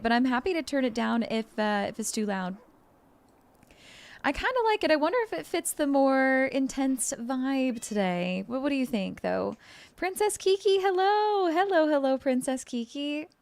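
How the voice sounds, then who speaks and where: Her high-pitched voice is gravelly and darkish, yet expressive, moving at a moderate pace. This woman streamer giggles and gushes in a bubbly way during casual chat with her viewers.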